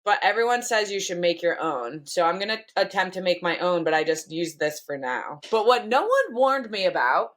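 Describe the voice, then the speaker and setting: A woman's voice: on the low side, very animated, normal speed, hardly any pauses, fairly bright tone. A woman co-hosting a podcast in casual chat, rambling with lots of fillers. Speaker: podcast co-host.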